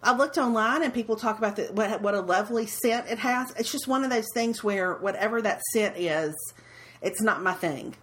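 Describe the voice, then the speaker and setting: A woman's voice: mid-range voice, normal speed, fairly bright tone. A woman, co-hosting a casual podcast chat, talking freely and often restarting and repeating her words. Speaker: podcast co-host.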